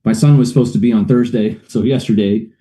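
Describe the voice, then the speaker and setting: A man's voice: medium pitch, fairly even intonation, brisk, mellow. A middle-aged man, a guest on a show, telling a personal story in a rambling way, with many fillers and uneasy laughs.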